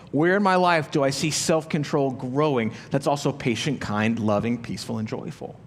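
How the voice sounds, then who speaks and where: Conversational pastor preaching in a reverberant hall. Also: male voice, a little high. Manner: conversational, rhetorical questions, acts out listeners' inner voices. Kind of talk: sermon. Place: church auditorium.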